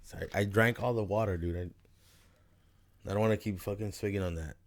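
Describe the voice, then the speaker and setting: A man's voice: fairly low pitch, steady tone, normal speed, a little hiss or hum. A young man hosting a podcast, chatting loosely, swearing often and laughing. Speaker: podcast host. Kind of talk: casual chat.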